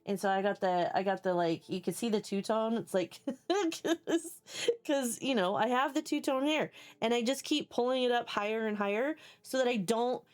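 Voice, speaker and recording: A woman streaming live who chats casually with her viewers, rambling, swearing freely and laughing often. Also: mid-range voice. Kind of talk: casual chat. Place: home basement.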